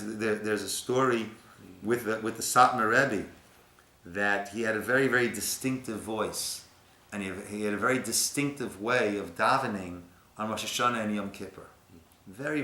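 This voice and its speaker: A rabbi leading a Torah class, telling stories and swinging between soft, hushed lines and emphatic ones. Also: male voice, fairly low pitch, roomy sound. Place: synagogue room.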